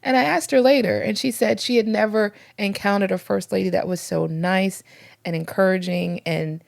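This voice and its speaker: Woman, middle-aged, gravelly voice, podcast co-host, animated storyteller. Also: mid-range voice, normal speed. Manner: storytelling, acts out dialogue with lively voices. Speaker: podcast co-host, former pastor's wife. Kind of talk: casual faith discussion.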